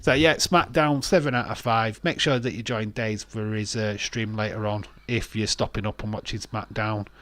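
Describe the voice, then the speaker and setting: A man's voice: lowish voice, steady tone, normal speed, hardly any pauses, fairly bright tone. A man hosting a casual wrestling watch-along stream, rambling, laughing often and reading out viewer comments.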